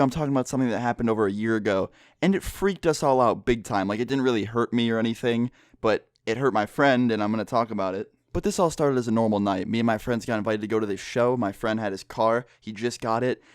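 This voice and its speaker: A man's voice: mid-range voice, dry recording, clean studio sound. A young man telling a story on his vlog, keeping his voice down indoors, casual and full of swearing and filler words. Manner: speaks quietly, holding his voice down; loose and profane, lots of filler words. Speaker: vlogger. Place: indoor room with people next door.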